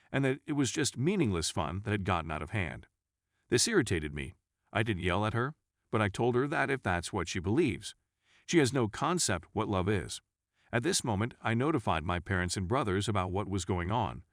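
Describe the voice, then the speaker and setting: Man, story narrator, lowish voice, dry close sound, steady reading. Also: dry recording. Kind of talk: scripted narration of a text story.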